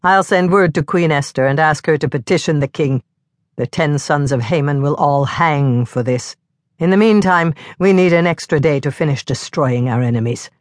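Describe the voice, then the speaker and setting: A woman's voice: low voice, no echo, close to an everyday voice. A woman reading an anguished, resolute male official in an urgent voice for an audiobook.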